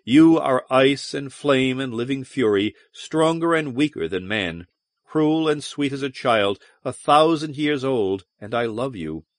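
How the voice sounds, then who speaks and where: A man voicing a weary, brooding male starship captain in an audiobook, in a low, measured delivery. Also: animated, no echo, clean studio sound, lightly acted. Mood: longing.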